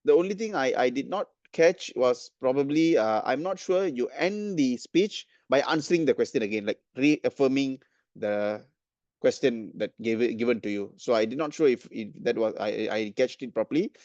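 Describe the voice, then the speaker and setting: A man's voice: medium pitch, normal speed, a little mellow, no room sound, highs cut off. A man evaluating speeches at a club meeting, hesitant, with many fillers and restarts. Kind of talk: giving spoken feedback at a club meeting.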